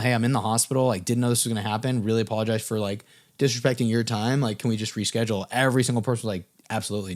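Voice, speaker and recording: Speaking to camera in a mid-range voice, a young music business coach shares a story from his own life. The delivery is loose and casual, with lots of filler words and swearing.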